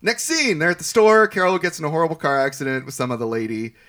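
A man's voice: fairly high pitch, sing-song, fast, sharp tone. A man co-hosting a podcast, chatting casually about a movie and acting out lines from its scenes in playful voices. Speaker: podcast co-host. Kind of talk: casual movie-review chat.

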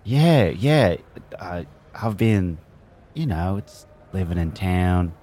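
A man player improvising in a tabletop game, drifting wryly between his character's lines and deadpan narration. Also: low-pitched, takes it slowly.

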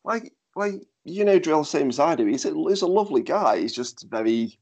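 A man's voice: fairly high pitch, expressive, moderate pace, a little mellow. A man, a guest on a podcast, talking casually with many "like" and "I mean" fillers over a Skype call. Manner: laid-back, lots of "like" and "I mean" fillers. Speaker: wrestler guest.

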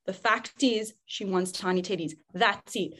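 A woman's voice: medium pitch, measured pace, a bit bright. A woman, a parenting expert who talks animatedly and acts out dialogues on a podcast. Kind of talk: podcast conversation, advising.

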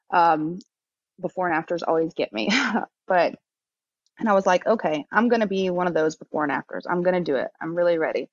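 Halting, emotional woman on a dull line. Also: fairly low pitch, no room sound. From Texas. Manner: halting, full of fillers and restarts, emotional. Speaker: podcast guest. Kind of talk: candid interview conversation. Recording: dull, slightly lo-fi dry sound.

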